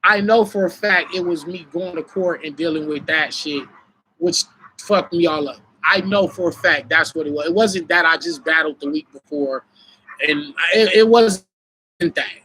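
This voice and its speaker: A young adult man who is a battle rapper, hosting a live stream with casual, profane, animated storytelling. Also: fairly high pitch, moderate pace, slight background noise.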